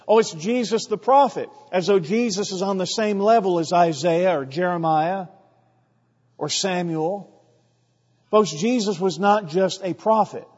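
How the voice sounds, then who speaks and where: A man's voice: high-pitched, husky. A man preaching a sermon in an emphatic way, acting out the voices of the crowd. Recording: reverberant hall, dull lo-fi sound.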